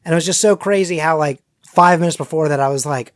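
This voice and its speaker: A man chatting on a podcast, telling rambling, animated stories full of acted-out quotes. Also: a little high, quick pace, few pauses, no room sound. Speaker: podcast guest. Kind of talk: casual chat.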